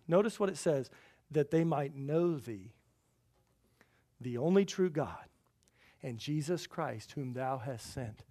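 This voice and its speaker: Male pastor, high voice, emphatic sermon delivery with repeated phrases.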